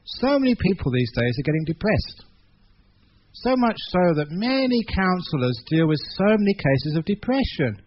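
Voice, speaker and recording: A monk with an English accent giving a sermon, telling a story in an animated way, swinging between loud and hushed passages. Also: male voice, high-pitched, moderate pace, muffled recording, a little hiss or hum. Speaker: monk giving a Dhamma talk. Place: meeting hall.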